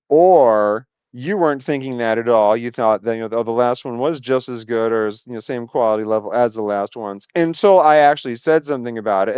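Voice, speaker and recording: A man with a smooth, resonant voice talks in a loose, meandering monologue, often breaking off mid-thought with wry asides. The sound is dry and close, with no room around it, and the recording is dull and lo-fi. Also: mid-range voice, a little mellow, dry recording. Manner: meandering, self-interrupting, wry. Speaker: video host. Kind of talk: casual rambling monologue.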